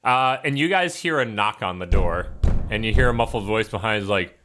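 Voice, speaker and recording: A man narrating as game master, relaxed and halting with fillers. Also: fairly low pitch, soft background music.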